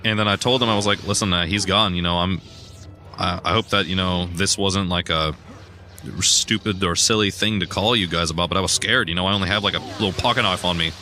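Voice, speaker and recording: A young man chatting casually while he plays a video game, self-deprecating and given to sudden excited yelps. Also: deep voice, fairly quick, a little hiss or hum. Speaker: gaming streamer. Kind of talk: casual rambling gameplay commentary.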